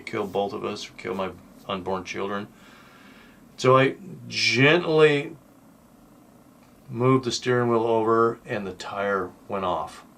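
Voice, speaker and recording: A man's voice: fairly low pitch, fairly bright tone. An older man telling a personal story in a casual, rambling, folksy way, with lots of fillers and restarts. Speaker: channel host telling personal stories.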